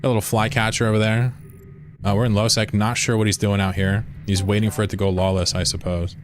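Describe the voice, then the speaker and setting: A man's voice: on the low side, little pitch movement, quick pace, a little hiss or hum. A man chatting casually to his viewers during a live game stream at home, rambling and swearing freely. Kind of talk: casual live-stream chat while gaming. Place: room at home with a window.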